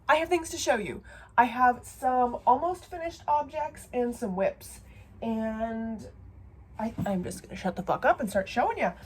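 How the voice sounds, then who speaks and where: A woman's voice: a little high, a little hiss or hum. A woman with a cold chatting casually and swearing freely as she shows her knitting projects at home. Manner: chatty, profane, self-deprecating. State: has a cold. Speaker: knitting vlogger. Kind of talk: casual chat. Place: home, seated.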